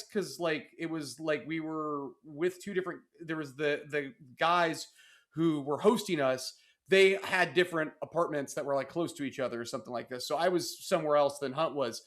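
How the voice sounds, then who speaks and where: A man hosting a casual podcast, retelling old college stories with laughs and acted-out quotes. His voice sits a little high. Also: fairly bright tone. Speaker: podcast host. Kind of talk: casual storytelling chat.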